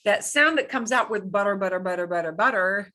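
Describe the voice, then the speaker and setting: A woman teaching a beginners' Spanish class, demonstrating sounds through slow, playful repetition. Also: mid-range voice, sharp tone. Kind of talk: beginner language lesson.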